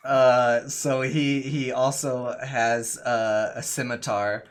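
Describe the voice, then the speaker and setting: A man running a tabletop game as game master, narrating in a halting way with many fillers and restarts. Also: medium pitch, flat delivery, smooth.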